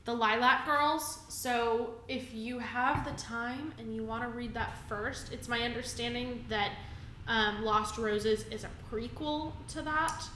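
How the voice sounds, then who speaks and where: A young woman in her twenties co-hosts a podcast in a casual, giggly way, filling pauses with um. Her voice sits a bit high and sounds bright. The room is roomy with a faint hiss behind her. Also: fairly even intonation. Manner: giggly, many ums. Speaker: podcast co-host. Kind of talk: casual chat.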